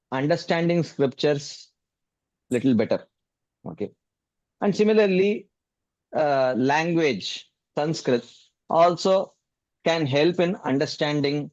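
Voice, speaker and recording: A man with a fairly high voice answers a student's question in a scripture class. He speaks in a measured, repetitive way, full of "you know" fillers. The sound is dull and dry. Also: a little mellow, no room sound. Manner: measured, repeats key points, many "you know" fillers. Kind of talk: explanatory Q&A teaching.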